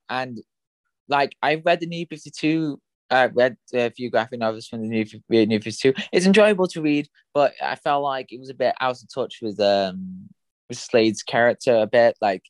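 A man's voice: medium pitch, dry recording. A young man co-hosting a podcast, talking casually about comics with many fillers and restarts. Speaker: podcast co-host. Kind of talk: casual chat.

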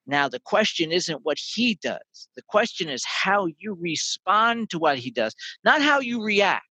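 A man chatting on a podcast, animated, telling stories that carry life advice. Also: high voice, measured pace, breathy edge, dry recording, low-quality recording. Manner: animated storyteller, swears casually. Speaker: podcast guest. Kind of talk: casual conversation.

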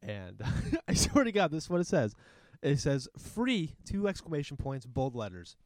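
Young guy, casual podcast host, swears a ton, voice jumps all over, pretty high. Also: normal speed, no echo. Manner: animated storyteller, swears a lot, laughs mid-story. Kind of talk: casual chat.

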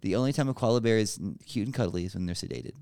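A man with a low, smooth voice spins a straight-faced story in casual podcast talk. His voice sits dry and close, with no room around it. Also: rapid-fire, no echo. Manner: deadpan tall-tale telling. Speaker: podcast co-host. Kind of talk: casual chat.

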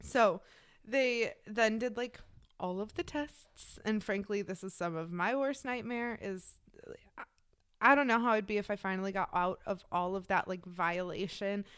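A woman's voice: mid-range voice, normal speed, fairly bright tone, clean tone, no room sound, studio quality. A woman co-hosting a true-crime podcast, telling a story in a casual, blunt way, swearing freely and acting out what people said.

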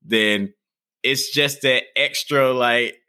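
A man's voice: medium pitch, fairly even intonation, slow pace, pushed and bright, smooth. A man from the American South with a Southern drawl, hosting a cooking show and chatting easily while he explains a recipe. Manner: laughs often, easygoing, drawling. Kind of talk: cooking demonstration with chat.

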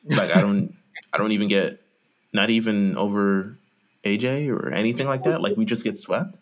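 Man, lowish voice, podcast co-host, casual chat, earnest, critical delivery. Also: normal speed. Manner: critical, earnest, restarts sentences.

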